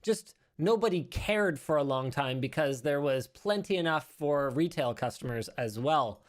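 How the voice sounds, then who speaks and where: A male podcast host chatting about tech news in a studio. He talks in an animated, rambling way, jumps around in pitch, and often stops to correct himself. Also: moderate pace. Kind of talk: casual tech news chat.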